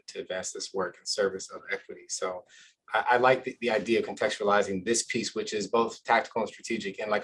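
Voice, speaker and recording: A man moderating a panel discussion over a video call, speaking in a measured, affirming way. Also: fairly low pitch, fairly bright tone, breathy edge, poor audio.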